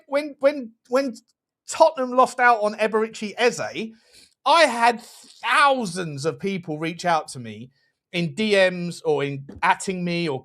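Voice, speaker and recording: A man hosting a live football watchalong, animated and excitable, quick to laugh and swear while chatting over the match. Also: high voice. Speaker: fan channel host.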